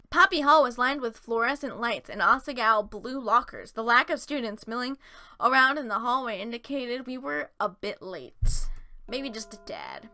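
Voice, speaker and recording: A woman's voice: a little high, sharp tone. A young woman reading a visual novel aloud, with playful, giggly asides and silly voices for the characters. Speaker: let's play host reading a visual novel. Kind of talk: reading a dating game aloud with commentary.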